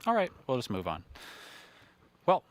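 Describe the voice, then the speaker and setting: A man's voice: medium pitch, wildly swooping pitch, measured pace. A man hosting a live broadcast, ad-libbing in a chatty, self-deprecating way with frequent restarts. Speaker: livestream host.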